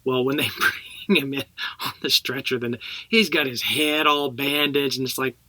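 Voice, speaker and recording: A middle-aged actor from Texas, appearing as an interview guest, tells casual stories in a chatty way and laughs as he goes. His voice is medium-pitched, pushed and bright, at normal speed, with no echo.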